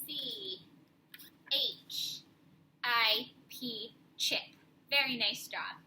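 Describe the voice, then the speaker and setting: A young woman teacher giving a slow, clear, encouraging spelling lesson to young children from her classroom. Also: fairly high pitch, sharp tone, slight background noise, low-quality recording.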